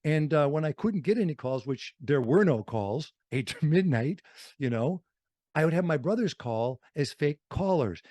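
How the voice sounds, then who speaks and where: A man from Wisconsin telling stories as a radio guest in a studio, lively and slipping into other voices for quotes. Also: on the high side, dry recording. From Fond du Lac, Wisconsin. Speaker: radio host and interview guest. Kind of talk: storytelling interview.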